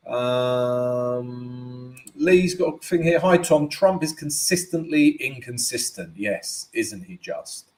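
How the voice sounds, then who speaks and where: A man's voice: fairly high pitch, measured pace, darkish tone. A man hosting a live forex analysis stream, chatty and tagging most points with "right?". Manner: chatty, keeps adding "right?". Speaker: forex trading host.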